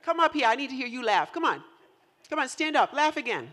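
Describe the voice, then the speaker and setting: A woman pastor preaching a sermon to her congregation, animated and teasing, rising to loud emphatic peaks. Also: high-pitched, a little fast. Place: church in central New York.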